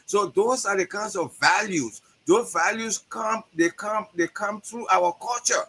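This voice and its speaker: A man with a Liberian English accent, a guest educator, talks animatedly in a conversational interview over a video call, often repeating words as he builds a point. His voice sits high with a sharp, slightly rough tone, and he speaks at a measured pace. The recording quality is low.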